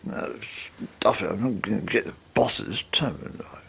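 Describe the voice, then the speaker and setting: A man rambling through a personal story, expressive and swearing now and then. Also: on the low side, fairly quick, gravelly, husky.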